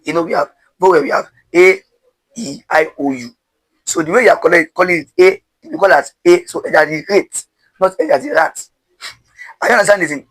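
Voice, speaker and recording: A man's voice: high voice, a bit bright, rough recording. A man teaching pronunciation step by step, drilling syllables with call-and-response and asking rhetorical questions.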